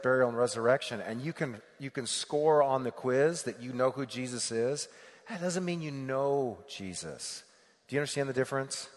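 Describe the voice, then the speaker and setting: A man's voice: medium pitch, in a large hall. A male pastor giving a conversational sermon, full of rhetorical questions and repetition.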